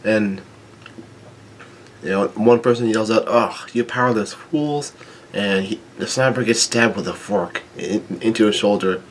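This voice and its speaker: A man reading a comic chapter aloud, stumbling, restarting words and filling pauses with ums. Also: on the low side, steady tone, a little hiss or hum. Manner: halting, with frequent restarts and ums. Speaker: manga chapter reader.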